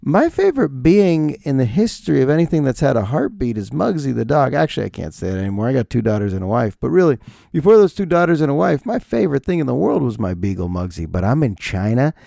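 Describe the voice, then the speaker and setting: A middle-aged man hosting a podcast, rambling through profane, animated comic stories on a close mic. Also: mid-range voice, quick pace, creaky, no room sound. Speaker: podcast host. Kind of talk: comedic podcast monologue.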